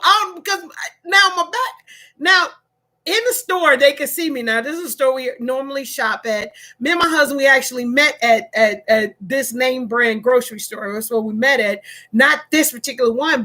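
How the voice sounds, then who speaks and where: A middle-aged woman talks through a personal story for her vlog in an animated, casual way. She laughs often and circles back over her words. Her voice sits high and sounds bright. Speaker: vlogger.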